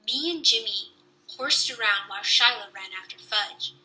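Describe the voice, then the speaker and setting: A young woman reading a children's book aloud with lively storytelling. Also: fairly high pitch, moderate pace, rough recording.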